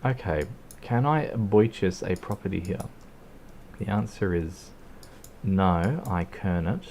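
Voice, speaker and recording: A man's voice: deep voice, lively intonation, takes it slowly, darkish tone, slight background noise. An Australian man casually commenting on his gameplay in a rambling, laid-back way, swearing and laughing now and then. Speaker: streamer.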